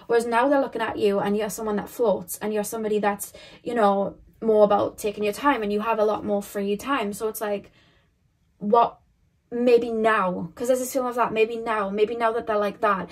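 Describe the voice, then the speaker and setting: A young woman talks through a tarot reading in a loose, rambling stream, piling up questions and often restarting her sentences. Her voice sits at a middle pitch for a woman, and she keeps a casual, conversational delivery throughout. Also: level tone, normal speed. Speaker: tarot reader.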